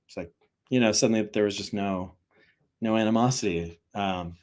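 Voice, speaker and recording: A young man with a slightly low voice talks casually as a spiritual teacher. His delivery is loose and rambling, full of "like" and "you know" as he shares a story and draws a lesson from it. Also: normal speed, a little mellow.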